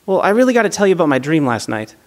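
A man's voice: a little high, big pitch swings, very fast. A young man quoting his goofy, cheerfully odd father in a breezy, matter-of-fact way. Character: goofy middle-aged dad, cheerfully odd.

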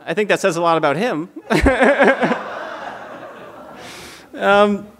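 Young guy doing a standup bit, high voice that bounces around a lot, kinda wry, chuckles at his own stuff. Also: expressive, slow pace, a bit bright. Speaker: stand-up comedian. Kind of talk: stand-up storytelling.

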